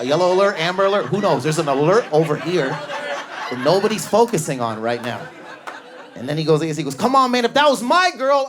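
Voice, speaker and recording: A man from Canada doing a stand-up comedy set on a club stage, high-energy and neurotic, often shouting and acting out voices. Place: comedy club stage before a live audience. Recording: live club recording with crowd laughter. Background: audience laughter.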